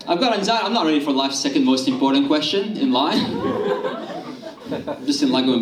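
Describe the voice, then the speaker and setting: A man from Syria doing a stand-up set on a club stage, deadpan and self-mocking, with a handheld mic. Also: medium pitch, brisk, creaky, very noisy. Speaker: stand-up comedian. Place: comedy club stage with a live audience. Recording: echoey room, heard from a distance. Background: loud audience laughter.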